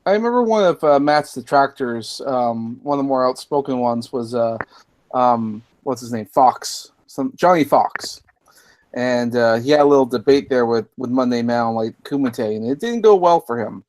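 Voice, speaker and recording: Man, stream panelist, even pitch, halting delivery with fillers. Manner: hesitant, full of fillers. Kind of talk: casual livestream chat.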